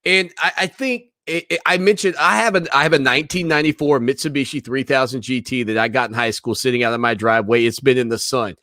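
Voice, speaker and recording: A man's voice: medium pitch, quick pace, few pauses, pushed and bright, dry recording, studio quality. Folksy man hosting sports radio. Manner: folksy, joking, rambling with laughs. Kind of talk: casual sports talk radio. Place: radio studio. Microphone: studio mic.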